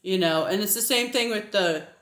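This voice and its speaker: This woman hosts Christian apologetics videos and gives a casual teaching monologue on faith, with a faint Southern American twang, frequent laughter and lots of fillers. Her medium-pitched voice is a bit bright at a normal speed, and the sound is roomy.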